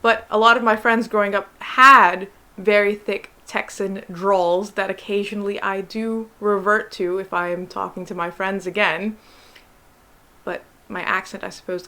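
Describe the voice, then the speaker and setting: A woman's voice: mid-range voice, steady tone, moderate pace, sharp tone. Exasperated American woman vlogging. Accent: General American. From United States. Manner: exasperated, sarcastic rebuttals. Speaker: doctor and vlogger. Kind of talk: casual chat to camera.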